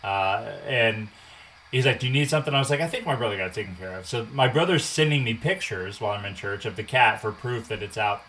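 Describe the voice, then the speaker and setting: A man's voice: lowish voice, lively intonation, fast talker, fairly bright tone, low-quality recording. Guy in his 20s telling a wild story, swears a lot, acts out quotes, faint background hum. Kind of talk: casual storytelling.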